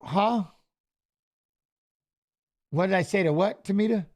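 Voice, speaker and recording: A man's voice: sits high, takes it slowly. A middle-aged man co-hosting a live fight watch-along, telling stories casually and acting out the dialogue he quotes. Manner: animated, acts out quoted dialogue, repeats "I go". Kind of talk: casual storytelling on a live stream.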